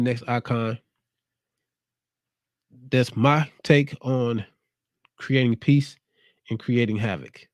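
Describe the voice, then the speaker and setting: Clean studio sound with no room sound captures this show host, a man whose medium-pitched voice has a darkish tone. Laid-back and streetwise, he gives a casual motivational monologue that turns a bit preachy.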